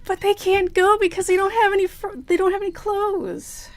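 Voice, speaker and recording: A woman co-hosting a podcast, chatting casually about a TV episode, playful and quick to swear. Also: extremely high pitch, level tone. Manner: playful, swears freely, laughs often. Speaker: podcast co-host. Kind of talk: casual chat recapping a TV episode.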